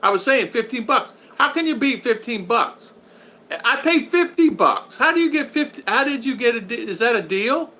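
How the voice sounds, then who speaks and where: A man's voice: extremely high pitch, expressive, normal speed, bright, forceful tone, low-quality recording. An older man hosting a live stream, chatting loosely and greeting viewers by name as he rambles. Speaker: vlog host reading live chat. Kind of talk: casual live-stream chat.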